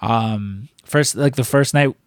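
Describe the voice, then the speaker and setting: A man with a Chicago accent tells stories in loose podcast chat, swearing often and restarting his sentences. His voice sits at a middling pitch. The close recording has no room sound. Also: takes it slowly, no echo. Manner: rambling, swears a lot, many restarts.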